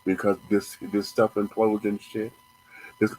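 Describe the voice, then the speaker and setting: This host's voice is low and darkish with little pitch movement, and he takes his time as he rants in anger, cursing and repeating himself. The recording quality is poor.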